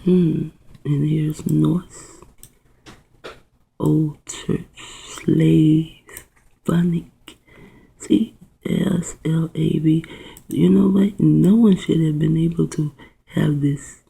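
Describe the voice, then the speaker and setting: A video host giving rambling commentary while reading aloud, spelling words out letter by letter, musing with soft exclamations and often dropping into a whisper. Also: mid-range voice, little pitch movement, very slow, creaky, pauses often, breathy edge, low-quality recording.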